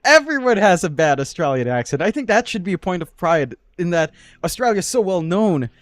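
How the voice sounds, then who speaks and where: A Filipino esports caster jokes around in casual chat, playfully teasing his co-caster. His voice is high-pitched and very animated, a little fast, with no room sound at all.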